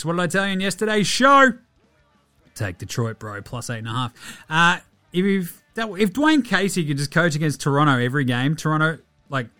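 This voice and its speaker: A man hosting a daily sports podcast, talking fast and loose with swearing as he rattles off stats. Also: mid-range voice, no echo. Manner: energetic, profane, rattling off stats. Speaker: podcast host.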